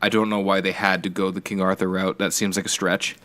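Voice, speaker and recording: A man's voice: low-pitched, little pitch movement, fairly quick, pushed and bright. A man co-hosting a podcast, chatting casually about a movie in a loose, rambling way, restarting words and swearing now and then. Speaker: podcast co-host. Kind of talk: casual movie review chat.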